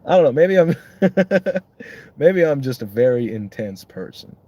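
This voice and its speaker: A man's voice: mid-range voice, very animated, measured pace, mellow, dull audio. A young man, a songwriter, chatting casually and rambling on with lots of swearing and self-mocking jokes.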